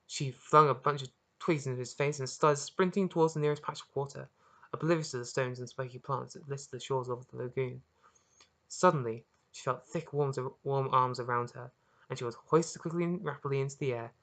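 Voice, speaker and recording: An author reading their own story aloud as narration, earnest and expressive, with occasional small restarts. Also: mid-range voice, brisk. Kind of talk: audiobook narration.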